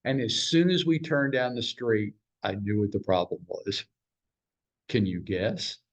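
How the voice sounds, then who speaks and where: A man's voice: fairly low pitch, steady tone, unhurried. A man who runs a real estate office, leading a training huddle for his agents. He tells stories bluntly, swears a little, and fires rhetorical questions at the room. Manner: storytelling, blunt, mild swearing.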